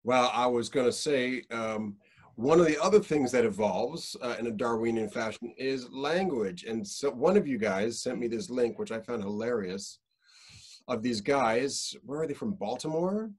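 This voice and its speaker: A man with a Canadian accent hosting a podcast, telling stories in a relaxed way with lots of fillers. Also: mid-range voice, moderate pace, slightly rough. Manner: relaxed storyteller, many fillers and restarts. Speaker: podcast host. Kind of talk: casual chat.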